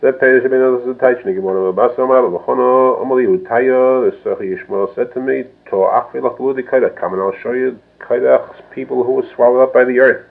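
Gravelly man teaching over a tinny line. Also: medium pitch, brisk, hardly any pauses. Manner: reads a passage, then explains it phrase by phrase. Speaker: religious teacher. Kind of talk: traditional text lecture. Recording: narrow phone-like lo-fi sound.

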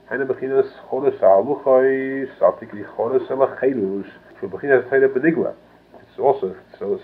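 A man giving a traditional text lecture, reading a passage and then explaining it phrase by phrase. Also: mid-range voice. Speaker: religious teacher. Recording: narrow phone-like lo-fi sound.

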